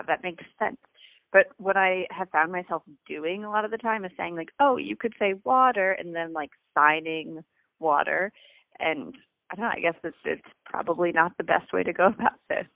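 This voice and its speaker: A man's voice: high-pitched, fairly quick, gravelly, dry recording. Man, podcast host, casual reflective chat, dry room, phone-like sound. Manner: warm, reflective, self-questioning. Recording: dry, phone-like call audio.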